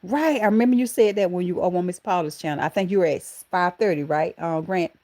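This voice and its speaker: A woman's voice: fairly low pitch, fairly quick, dark tone. A middle-aged woman with a Southern American accent, hosting a live stream and chatting with viewers, calling them honey and baby. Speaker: channel host.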